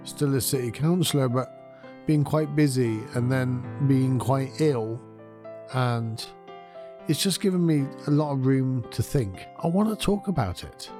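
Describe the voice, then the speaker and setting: A man hosting his own podcast, talking in a gentle, candid way and thinking aloud. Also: mid-range voice, animated, unhurried, faint music behind. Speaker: podcast host. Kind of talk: reflective solo podcast talk.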